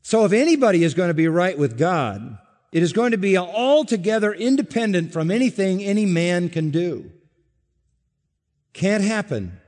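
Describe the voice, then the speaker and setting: Emphatic preacher in a reverberant hall. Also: male voice, sits high, big pitch swings, normal speed, darkish tone. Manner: emphatic, repeats key phrases for weight. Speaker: pastor. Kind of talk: sermon.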